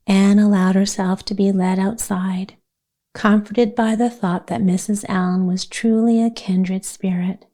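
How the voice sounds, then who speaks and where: Soft mellow woman reading a bedtime story. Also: medium pitch, steady tone, unhurried. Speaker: audiobook narrator. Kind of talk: calm sleep story narration.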